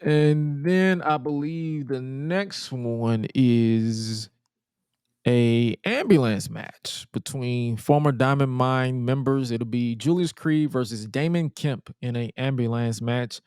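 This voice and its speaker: A man's voice: medium pitch, takes it slowly, darkish tone, clear, resonant tone, no room sound. Young man, podcast co-host, slangy casual chatter, dry close sound. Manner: loose, slangy, repeats himself. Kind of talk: casual wrestling podcast chat.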